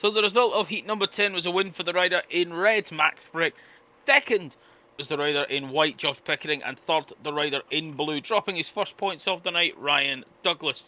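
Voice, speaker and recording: Male co-host, bright and fairly high, steady announcer delivery for lineups and scores. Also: normal speed, poor audio. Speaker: speedway podcast co-host. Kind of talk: reading race lineups and results.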